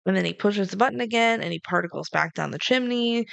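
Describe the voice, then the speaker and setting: A young woman co-hosting a podcast, casually recapping a movie and acting out the characters' lines with lively changes of voice. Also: medium pitch, fast, gravelly, no echo. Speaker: podcast co-host.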